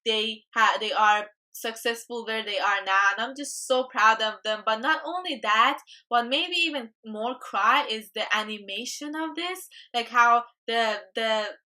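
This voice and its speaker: A woman's voice: fairly high pitch, measured pace, hardly any pauses, sharp tone. A young woman reacting to a music video as a YouTube host, chatty and gushing with emotion.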